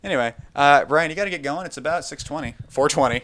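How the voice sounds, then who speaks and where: A young man hosting a casual podcast chat, joking around with deadpan teasing. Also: on the high side, quick pace. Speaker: podcast host.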